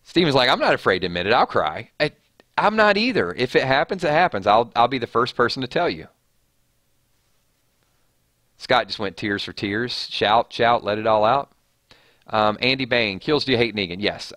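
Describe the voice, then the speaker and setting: A man's voice: fairly low pitch, a bit bright, no echo, studio quality. A man hosting a live stream, chatting casually and reading viewer comments aloud with frequent restarts.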